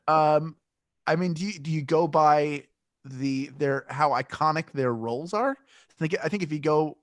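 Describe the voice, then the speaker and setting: A man's voice: on the high side, unhurried, no room sound, clean studio sound. Rambling, joking male podcast co-host. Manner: rambling, self-interrupting, joking. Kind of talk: casual chat.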